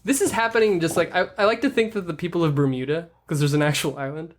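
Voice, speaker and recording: A woman's voice: lowish voice, fast. A young woman co-hosting a podcast in casual chat, talking with lots of fillers and giggles. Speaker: podcast co-host.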